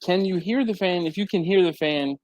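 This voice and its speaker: In a warm home garage with a fan and air handler running, a hot, sweaty man hosts a casual livestream, reading viewer comments aloud and laughing often. He talks briskly and chattily with lively swings in pitch, and there's no room sound.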